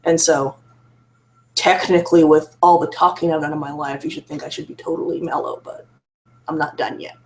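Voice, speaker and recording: A woman talks straight to the camera about hard things in her own life. She is frank and self-critical, her words come in halting restarts, and she laughs now and then. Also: low-pitched, steady tone, darkish tone. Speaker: survivor sharing her story. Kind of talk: candid personal monologue to camera.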